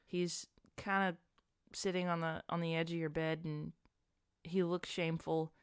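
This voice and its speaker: A woman's voice: deep voice, level tone, unhurried, clear, resonant tone, dry recording, studio quality. A woman casually narrating an improvised hypothetical scenario to a friend, quoting the characters in it. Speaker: host posing a hypothetical.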